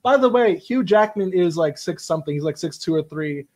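A man's voice: high-pitched, expressive, brisk, darkish tone. Jokey man chatting about movies. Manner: jokey, puts on silly voices. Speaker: podcast co-host. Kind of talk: casual chat.

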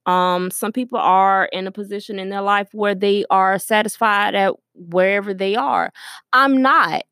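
A young woman hosts her own casual solo podcast from the store where she works, thinking aloud in an earnest, reflective way full of ums and you-knows. Her mid-range voice is slightly bright and smooth, delivered flatly at a normal speed. The studio-quality audio has no echo.

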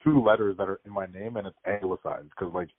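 Guest voice: fast, lower young man, tinny call audio, dry. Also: no room sound. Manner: rapid storytelling, frequent "like" fillers. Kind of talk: casual podcast chat. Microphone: remote call.

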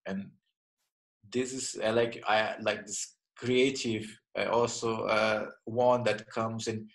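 Gravelly reflective man in his thirties. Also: on the low side, level tone, poor audio. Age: 30s. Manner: reflective, halting, with many restarts and fillers. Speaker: martial arts instructor. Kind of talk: casual interview answers.

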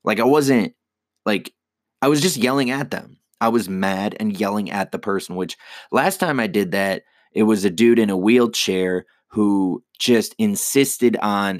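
A young man with a lowish voice talks through a loose, profane monologue, circling back on himself and owning his mistakes. The sound is dry and close, with no room around it. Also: measured pace, dry recording. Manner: profane, rambling and self-critical. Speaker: stand-up comedian. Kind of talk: casual monologue.

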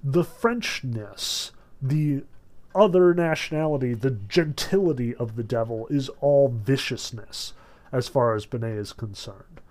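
A man's voice: medium pitch, unhurried, a little mellow. A man lecturing on literature in a conversational, analytical way, with many fillers. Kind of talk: recorded lecture.

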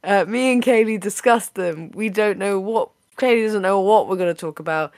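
A woman hosting a casual podcast, chatty and playful, her voice a little raspy today. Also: mid-range voice, moderate pace, a little mellow, no room sound, studio quality. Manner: chatty, playful, laughs often. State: slightly raspy voice. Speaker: podcast host.

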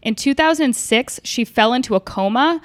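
A woman's voice: fairly high pitch, lively intonation, normal speed. A woman co-hosting a podcast, explaining a topic in a chatty, casual way. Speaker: podcast co-host. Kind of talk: casual chat.

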